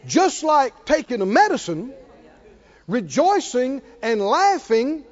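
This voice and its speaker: A male preacher delivering a sermon, exhorting his listeners and breaking into shouted laughter. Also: extremely high pitch, very animated, slow pace, lo-fi sound.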